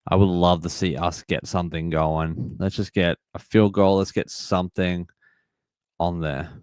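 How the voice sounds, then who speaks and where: A man's voice: low voice, flat delivery, unhurried, a little mellow, clean tone, no room sound, clean studio sound. A young man hosting a live sports watch-along, frustrated at calls and reading chat messages aloud. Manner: frustrated, reacts to plays and reads chat aloud. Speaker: livestream host.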